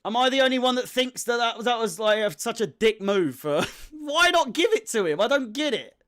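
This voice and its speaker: A man's voice: very high voice, expressive, fairly quick, a bit bright. A young man giving casual live commentary on a football match as a fan, swearing freely and sounding exasperated.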